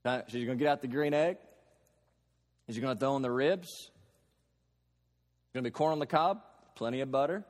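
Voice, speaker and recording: Man preaching in a reverberant hall. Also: medium pitch. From Kentucky. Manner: emphatic preaching with slow stressed phrases and homely examples. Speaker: pastor. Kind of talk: sermon.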